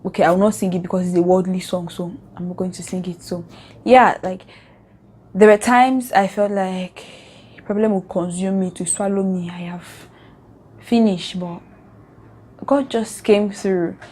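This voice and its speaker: A woman's voice: mid-range voice, steady tone, measured pace, darkish tone, husky. A young woman from Nigeria with a Nigerian accent, talking in a casual, earnest and heartfelt reflective vlog. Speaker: vlogger.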